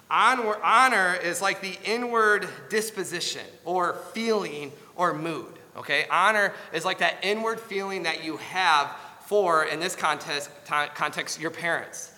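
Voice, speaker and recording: A man preaching a sermon in an earnest, pleading way, slowing down to stress key words. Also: high-pitched, sharp tone, big-room sound. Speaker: pastor.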